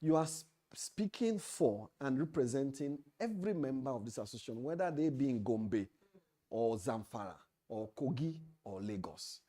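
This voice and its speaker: A man's voice: medium pitch, animated, moderate pace, dark tone. A man with a Nigerian English accent giving a training lecture to association officials, emphatic and repeating key phrases for stress. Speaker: leadership trainer at an association meeting. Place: meeting hall.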